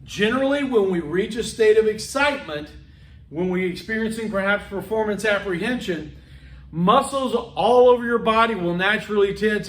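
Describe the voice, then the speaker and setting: A middle-aged man lecturing a college class in an echoey classroom. He talks loudly, with chatty asides and repeated words, and his fairly high voice swings up and down a lot. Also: moderate pace, far from the mic. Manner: animated, loud, chatty with asides and repetitions. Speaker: college instructor. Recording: echoey room.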